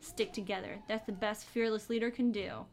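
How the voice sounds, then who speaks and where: A woman's voice: mid-range voice, fairly even intonation, moderate pace, darkish tone. A woman reading a story aloud during a comedic group reading, cracking dry jokes.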